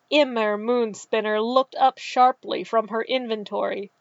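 A woman reading a story aloud in a calm, measured way. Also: a little high, no echo. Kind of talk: scripted narration. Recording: dull, dry recording.

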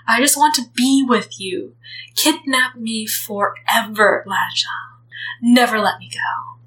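A woman's voice: on the high side, slow, a bit bright, poor audio. A woman voicing an affectionate, emotional young man who gushes breathlessly in a storybook reading. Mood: gushing.

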